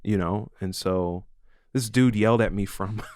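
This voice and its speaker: A man's voice: fairly low pitch, unhurried, dry recording, clean studio sound. A man co-hosting a casual comedy talk show, telling stories and acting out the voices of strangers he met. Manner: animated storyteller, acts out voices of strangers. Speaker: podcast co-host.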